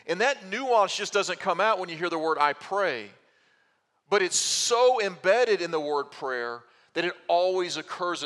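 A man's voice: a little high, a bit bright, big-room sound. A man preaching an expository sermon, teaching patiently with rhetorical questions and frequent restarts. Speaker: pastor.

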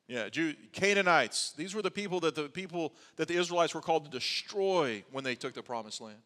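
A man's voice: on the high side, lively intonation, moderate pace, pushed and bright, long reverb tail. A male pastor preaching a sermon in a conversational way, with wry asides.

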